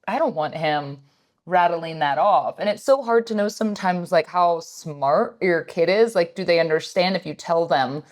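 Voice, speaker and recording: A woman in her thirties chatting on a podcast, her voice sitting a little low. She tells family stories in an animated, rambling way, full of "like" and "you know.". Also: moderate pace. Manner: animated storytelling, many fillers. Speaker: podcast co-host. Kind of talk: casual chat.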